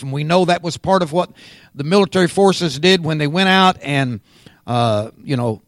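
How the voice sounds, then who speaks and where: A man preaching a sermon as pastor, unhurried and swelling louder and higher on key words. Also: gravelly, no room sound.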